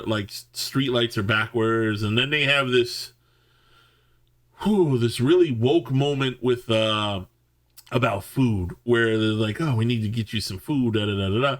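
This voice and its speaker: A man reviews a film in a loose, rambling way, peppering his rant with curses and sarcastic asides. His voice sits at an ordinary middle pitch. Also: fairly bright tone. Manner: profane, sarcastic ranting. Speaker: movie reviewer.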